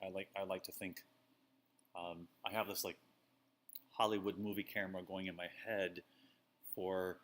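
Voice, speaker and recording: A man's voice: deep voice, little pitch movement, normal speed, pauses often, a bit bright. A man co-hosting a casual talk show, rambling and self-deprecating with lots of fillers. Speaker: podcast co-host. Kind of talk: casual chat.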